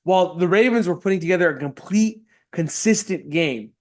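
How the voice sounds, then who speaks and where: A man co-hosting a sports podcast, talking football in animated bursts and answering his own rhetorical questions. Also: sits high, a little fast. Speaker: podcast co-host. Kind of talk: casual sports chat.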